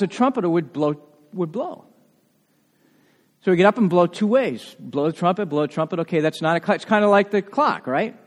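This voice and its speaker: A male pastor preaching a sermon in a church, animated and emphatic, with frequent asides to the congregation. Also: sits high. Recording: long reverb of a large hall.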